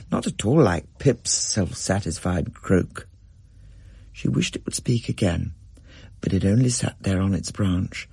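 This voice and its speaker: A man reading a children's story aloud in a measured, expressive way. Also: lowish voice, no room sound. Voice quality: husky, gravelly. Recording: dry close recording.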